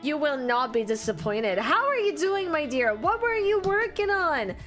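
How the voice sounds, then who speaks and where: A woman streamer, chatting casually with viewers and greeting them with excited squeals. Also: normal speed, faint music behind. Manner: bubbly, greets chat with high excited squeals. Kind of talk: casual live-stream chat.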